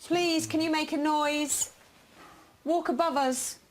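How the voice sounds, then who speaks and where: A woman's voice: sits high, steady tone, slow, slight background noise. A woman leading a live paranormal investigation, pleading with spirits to make noises for her. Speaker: lead investigator and presenter. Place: indoors, dark haunted building.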